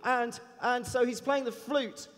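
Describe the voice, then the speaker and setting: A man relaying a ten-year-old boy's rambling description in a raised, excited voice. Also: very high-pitched, measured pace, big-room sound, pitched above the performer's own voice. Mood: eager. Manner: rambling, breathless, repeating himself.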